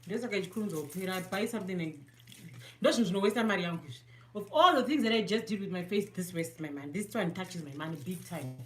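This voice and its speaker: A woman's voice: lowish voice, animated, moderate pace, a bit bright, slight background noise. A woman from Zimbabwe with a Zimbabwean accent, chatting casually through a makeup tutorial, self-mocking and mixing English with Shona. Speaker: beauty vlogger.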